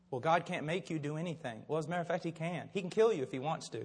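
Older male preacher, high-pitched voice, long hall reverb, storytelling sermon. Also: rapid-fire, hardly any pauses, slightly rough. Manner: swings from low, quiet storytelling to loud, shouted preaching.

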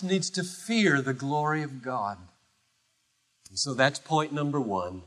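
A man preaching a sermon as pastor, emphatic, swinging from loud declarations to hushed low phrases with long pauses. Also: very animated.

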